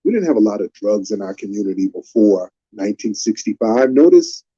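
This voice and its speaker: A man's voice: lowish voice, animated, fairly quick, warm tone, breathy edge, highs cut off. A man hosting a live stream, lecturing in an emphatic, repetitive way.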